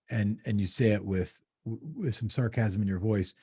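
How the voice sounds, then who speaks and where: A man's voice: on the low side, normal speed, dark tone, slightly rough. A man hosting a podcast interview, asking probing questions in a conversational way and often restarting his phrases. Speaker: podcast host.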